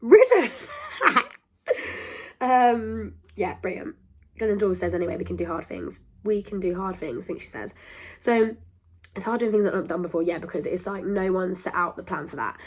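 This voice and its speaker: Young woman, podcast host, slightly breathy, middle pitch, talks in emphatic, looping tangents. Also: darkish tone. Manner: rambling, emphatic, self-interrupting, quick laughs. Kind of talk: casual monologue to camera.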